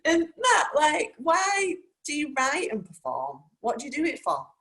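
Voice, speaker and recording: A woman's voice: high-pitched, huge pitch swings, unhurried, a bit bright. A woman hosting a talk show, chatting in a rambling, casual way full of "like" and "um". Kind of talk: casual chat.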